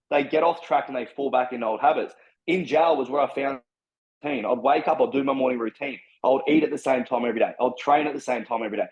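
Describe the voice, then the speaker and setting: A man's voice: medium pitch, dull audio. A man in casual chat, talking bluntly and swearing heavily in a preachy way. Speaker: podcast guest.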